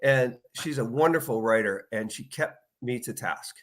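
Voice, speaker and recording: A man in his fifties, an author guest in a casual interview, telling stories and acting out quotes in lively bursts. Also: medium pitch, moderate pace. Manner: animated storyteller, acts out quotes.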